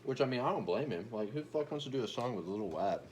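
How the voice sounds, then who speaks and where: A man's voice: medium pitch, lively intonation, fast, a little mellow, a little hiss or hum. A young man ranting in a brash, profane, boastful comedic commentary, stumbling over restarts as he talks.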